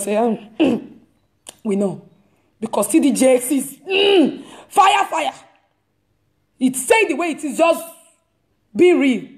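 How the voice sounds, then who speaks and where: High-voiced woman preaching. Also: a little mellow. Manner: emphatic, repeats words, storytelling. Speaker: preacher hosting a live stream. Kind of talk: casual testimony talk. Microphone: live stream device mic.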